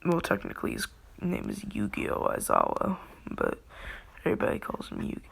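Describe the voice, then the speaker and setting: A woman's voice: a bass voice, huge pitch swings, fairly quick, gravelly, breathy edge. A young woman casually narrating a fan story, rambling and briefly acting out characters' lines.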